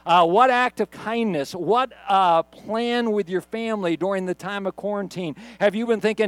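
High-voiced middle-aged man preaching. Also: moderate pace, few pauses, fairly bright tone, no echo. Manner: conversational storytelling with restarts. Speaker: pastor. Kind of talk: sermon recorded for online video. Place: church recorded on camera.

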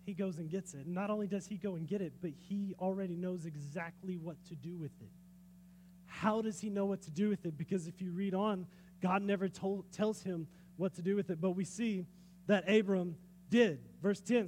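Male pastor, high voice, chatty sermon delivery with rhetorical questions, faint hum behind. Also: normal speed. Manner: lively, conversational, asks the audience questions, laughs often.

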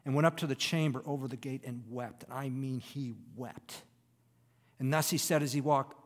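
A man preaching a sermon, reading scripture and explaining it, swinging between raised, emphatic lines and hushed, near-whispered asides. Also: mid-range voice, fairly even intonation, moderate pace, long reverb tail. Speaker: pastor.

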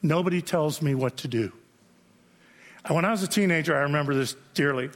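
High-voiced preacher in a reverberant sanctuary. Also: male voice, fairly quick. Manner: conversational storytelling, frequent "right?" asides. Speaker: pastor. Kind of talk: sermon. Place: church sanctuary. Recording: long reverb of a large hall.

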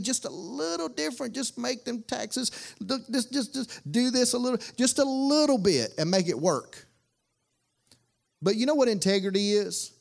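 A man's voice: high-pitched, vocal fry. A male pastor, preaching a sermon in a folksy, conversational way with lots of repetition.

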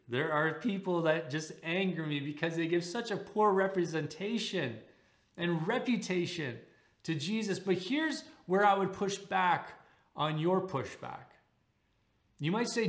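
A man preaching a sermon as pastor, in a conversational, animated way with frequent restarts. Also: a little high, unhurried, echoey room.

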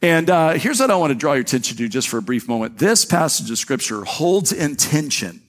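A man's voice: a little high, big pitch swings, brisk. A man pastor preaching a sermon in a church, talking in a conversational way with restarts and repeated words, his voice lifting when he reads scripture aloud. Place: church sanctuary.

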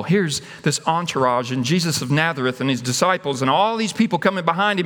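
A man's voice: fairly high pitch, expressive, brisk, a bit bright. A man preaching a sermon, telling the story dramatically and acting out its voices. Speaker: pastor. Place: church sanctuary. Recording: long hall reverb.

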